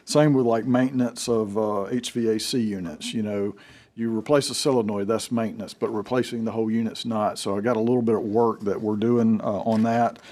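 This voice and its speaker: A man's voice: lowish voice, mellow. A senator presenting his bill to a committee in a folksy, conversational way, with a joke to start. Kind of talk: explaining a bill at a hearing.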